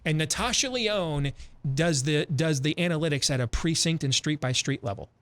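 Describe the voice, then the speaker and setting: A man hosting a talk show, retelling a film in an emphatic, animated way with frequent repetitions. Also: on the high side, moderate pace. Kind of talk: opinionated radio talk.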